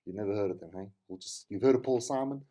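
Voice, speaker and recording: A man's voice: lowish voice, fast, mellow. A middle-aged man with a South African accent, telling rambling, tangential stories as a podcast host. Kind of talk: casual monologue.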